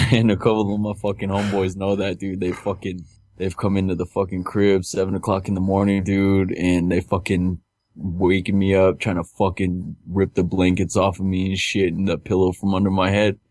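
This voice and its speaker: A man's voice: deep voice, flat delivery, moderate pace, a little mellow, dry recording. A man in a casual chat, swearing constantly and using slang, with "dude" at the end of almost every line.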